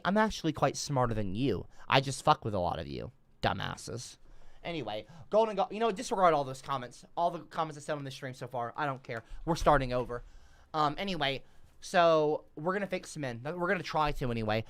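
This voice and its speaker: A man doing rambling, sarcastic livestream commentary, cursing often, trailing off mid-sentence and swinging between mumbles and loud outbursts. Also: a little high, big pitch swings, a little fast, dry recording, studio quality.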